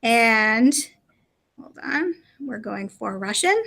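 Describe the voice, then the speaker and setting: Bright-voiced woman presenting a demo. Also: a little high, lively intonation, takes it slowly, gravelly. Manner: explanatory, chatty, with frequent fillers. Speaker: presenter of a live product demo. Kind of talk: live webinar walkthrough.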